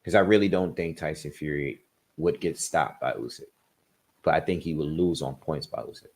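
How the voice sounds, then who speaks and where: A man hosting a casual boxing livestream, reading out where his viewers are from in quick bursts and thinking aloud as he gives his predictions. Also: extremely low pitch, a little mellow.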